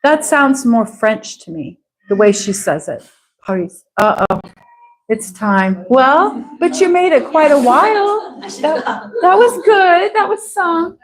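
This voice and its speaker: A woman teaching a live English class, speaking slowly and patiently and repeating words so students can follow. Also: sits high, expressive, rough recording. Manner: slow, patient, drawn-out repetition of words.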